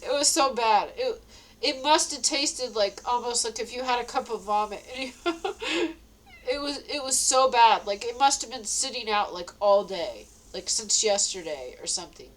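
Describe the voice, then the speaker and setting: A woman's voice: on the high side, animated, moderate pace, rough recording. A tired woman telling a story in a casual monologue, laughing often and repeating herself.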